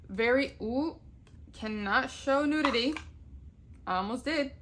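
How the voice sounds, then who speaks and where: A woman's voice: high-pitched, unhurried, slight background noise. Chatty young woman gushing about cards. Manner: chatty, gushing, swears casually, laughs often. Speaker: tarot vlogger. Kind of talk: casual chat.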